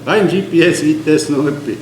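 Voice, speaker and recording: An older man giving an oral history, earnest and emphatic, mixing an Indigenous language with English, often dropping to a low quiet tone. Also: brisk, slight background noise. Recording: echoey room with faint ambience.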